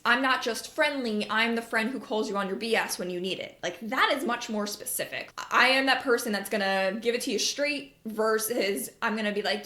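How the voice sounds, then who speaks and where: A fairly high-voiced woman talking through a casual marketing podcast episode, candid and chatty. She swears offhandedly and slips into little acted-out voices when she quotes people. The recording has a roomy echo to it. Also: a bit bright. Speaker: podcast host, marketing coach. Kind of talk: casual advice podcast monologue.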